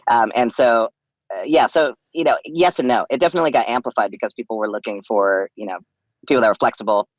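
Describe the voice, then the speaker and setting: A man's voice: mid-range voice, fast, no room sound. A man, a comedian and voice actor, talking as a guest in a casual podcast interview, rambling with laughs and restarts.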